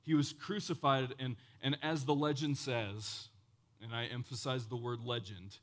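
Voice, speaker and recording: A man preaching a sermon as pastor, with impassioned swings from loud exclamations to hushed, solemn passages and casual conversational asides. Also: mid-range voice, fairly even intonation, moderate pace.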